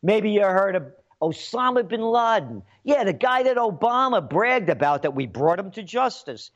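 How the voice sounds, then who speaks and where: A man's voice: sits high, big pitch swings, moderate pace. A man giving an angry, sarcastic political rant, mocking and scornful as he talks. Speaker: political commentator. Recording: dull lo-fi recording.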